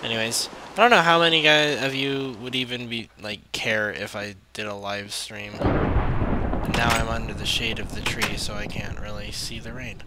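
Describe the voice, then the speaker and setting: A man's voice: on the low side, fairly even intonation, normal speed. A man hosting a let's play, talking to himself in a rambling way and easily startled by what happens in the game. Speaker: gaming channel host. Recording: noisy amateur mic recording.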